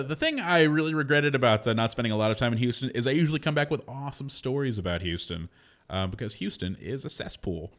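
A male radio host in loose, casual banter with his co-hosts. He rambles as he tells a story, breaking into laughter often, at a middle pitch. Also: a bit bright.

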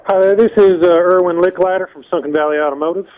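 A man's voice: sits high, fairly even intonation, quick pace. A man from an auto shop calling in on the phone, friendly and apologetic. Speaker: caller, auto shop worker. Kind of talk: phone call. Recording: tinny phone line.

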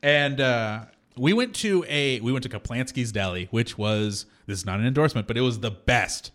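Lively, laugh-prone Texan man. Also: medium pitch, normal speed. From Texas. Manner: lively storyteller, many fillers, laughs easily. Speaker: radio show co-host. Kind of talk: casual chat.

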